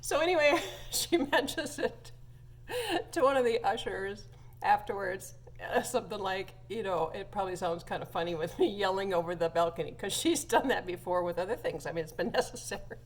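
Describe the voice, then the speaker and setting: A woman's voice: medium pitch, a little fast. Chatty woman organist telling a church story. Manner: chatty, laughs often, many fillers. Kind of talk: casual anecdote to viewers.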